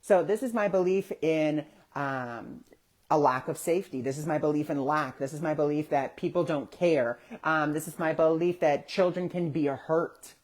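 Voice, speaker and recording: A man's voice: on the high side, normal speed. A man hosting a casual spiritual talk online, telling stories animatedly and acting out the voices he quotes. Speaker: spiritual discussion host. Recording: social media live stream.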